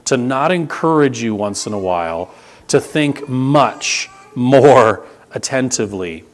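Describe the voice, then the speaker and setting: A middle-aged pastor giving a sermon in a church, conversational and repetitive, swinging between loud emphasis and hushed intensity. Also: male voice, medium pitch, animated, takes it slowly. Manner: repeats words, frequent restarts and asides to the congregation.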